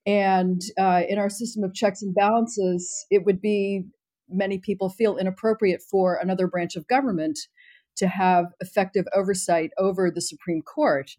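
Female panelist, mid pitch, mellow dark timbre, measured and analytical. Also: fairly even intonation. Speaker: podcast panelist. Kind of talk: casual political commentary.

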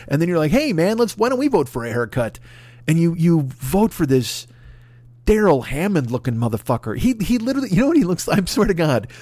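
A man's voice: fairly high pitch, a little mellow, no echo. Profane rambling comedian man. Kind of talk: comedic rant.

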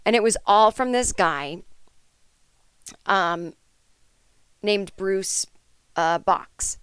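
A woman's voice: mid-range voice, drawn-out words, fairly bright tone, clear, resonant tone, no echo. A woman hosting a podcast, telling an improvised comic story in a rambling, chatty way with lots of fillers and asides. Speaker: podcast host.

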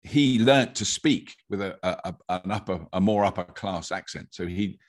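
An older English man with a fairly posh accent and a husky voice, telling stories in a rambling, casual conversation. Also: low voice, normal speed. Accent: English, fairly posh (received pronunciation trained). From England. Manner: rambling, storytelling, with laughs.

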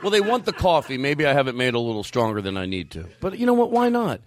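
A man's voice: mid-range voice, fast. Hyped up comedy host guy, voice bouncing all over, swears a lot, band in the studio. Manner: animated, swears freely, slips into joke voices. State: amped up on coffee. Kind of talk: loose comedic banter.

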